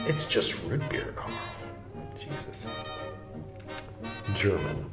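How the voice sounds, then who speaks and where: A man's voice: on the low side, lively intonation, takes it slowly, pauses often, fairly bright tone. A man hosting a podcast, reading a text aloud with wry, irreverent asides and some swearing. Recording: roomy echo, faint music.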